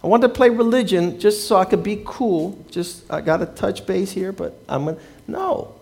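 Man, pastor, sermon, high voice, storytelling, acts out quoted people. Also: moderate pace, creaky, darkish tone, slightly rough.

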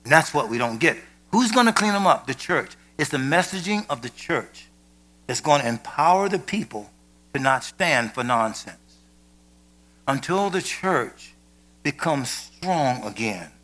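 A man preaching a sermon with emphasis, rising to shouted peaks and dropping to low, quiet asides. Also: very animated, a little slow.

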